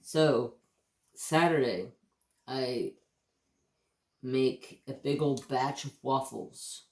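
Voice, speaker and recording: Slow-talking, cursing American man. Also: medium pitch, roomy sound. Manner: rambling, profane, easygoing storytelling. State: hiccups. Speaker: craft channel host. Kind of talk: casual livestream chat.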